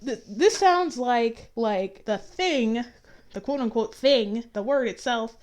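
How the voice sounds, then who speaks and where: A woman's voice: fairly high pitch, animated, takes it slowly, a little mellow. A woman giving an opinionated, chatty review with sarcastic asides. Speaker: YouTube reviewer. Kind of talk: casual review commentary.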